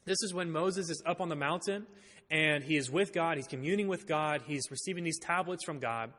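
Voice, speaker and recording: A man's voice: a little high, a little fast, pushed and bright. A man preaching a sermon in a church, reading scripture aloud and explaining it with light humor. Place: church sanctuary. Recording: long reverb in a church hall.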